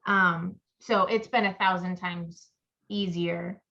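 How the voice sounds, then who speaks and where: A woman's voice: on the low side, fairly even intonation, takes it slowly, vocal fry, sharp tone. A woman co-hosting a casual chat podcast, rambling through stories and acting out her own inner voice. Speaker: podcast co-host. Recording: muffled lo-fi audio.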